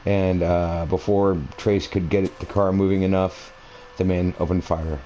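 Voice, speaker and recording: A gaming video creator with a deep, mellow voice chats casually while playing a console game at home, rambling through personal stories. His talk meanders from thought to thought, loaded with fillers and restarts, with little pitch movement and a slightly slow pace. The recording is rough, with a faint hiss underneath.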